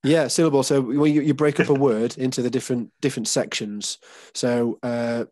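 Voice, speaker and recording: A man's voice: mid-range voice, steady tone, moderate pace, hardly any pauses, darkish tone, no echo. An English man leading a casual group session, explaining patiently with many fillers and restarts. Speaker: workshop leader.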